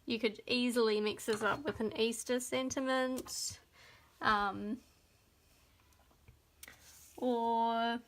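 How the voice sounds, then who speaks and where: Slow-talking Australian woman, high voice. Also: steady tone, a bit bright. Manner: chatty, talks to viewers while working. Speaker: papercraft demonstrator. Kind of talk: live crafting demo.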